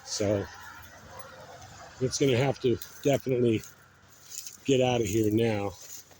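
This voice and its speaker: A man's voice: mid-range voice, fairly even intonation, mellow, a little hiss or hum. A man hosting a casual outdoor vlog, out of breath and rambling with lots of fillers. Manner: rambling, fills pauses with "uh" and "so". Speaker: channel host. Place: outdoors beside a road.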